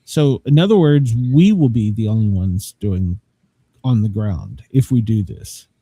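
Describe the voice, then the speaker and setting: A man's voice: fairly low pitch, lively intonation, unhurried, mellow, husky, dry recording. A man hosting a podcast, chatting casually, rambling and joking with frequent laughs. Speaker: podcast host. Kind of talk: casual chat.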